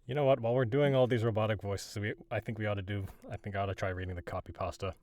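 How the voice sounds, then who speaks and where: A man who is a voice actor, chatting casually with friends on a stream with quick, offhand remarks. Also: on the low side, fairly even intonation, far from the mic, a crowd in the background. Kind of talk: casual group chat on a stream.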